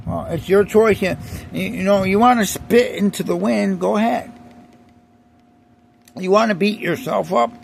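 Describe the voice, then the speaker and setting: A man's voice: sits high, unhurried, gravelly, long pauses, a little hiss or hum. A man delivering an emphatic, repetitive ranting monologue, often restarting his sentences.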